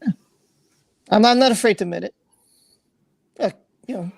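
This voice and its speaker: A man's voice: sits high, moderate pace, vocal fry, no room sound. A man hosting a livestream, reading out viewer comments and talking in an earnest, emotional way, repeating himself and swearing freely. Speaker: livestream host.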